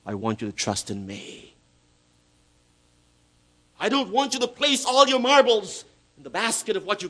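A pastor preaching with a high, bright, ringing voice that leaps and dips all over. He stretches out key words slowly, then drops to a near hush before surging loud again. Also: poor audio. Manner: dramatic swings between loud emphasis and hushed asides. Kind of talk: sermon.

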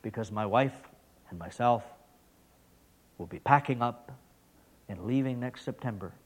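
A middle-aged missionary preaches a sermon, telling a story and posing rhetorical questions as he swings from loud emphasis to hushed whispers. His voice is medium-pitched and breathy-edged, and he speaks a little slowly.

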